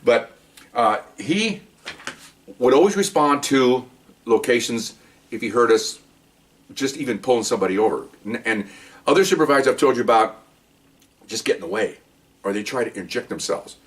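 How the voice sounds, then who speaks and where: A man's voice: mid-range voice, lively intonation, normal speed, pauses often, far from the mic. An older man, a retired police officer, tells rambling stories in a casual monologue, often repeating words and asking "okay?".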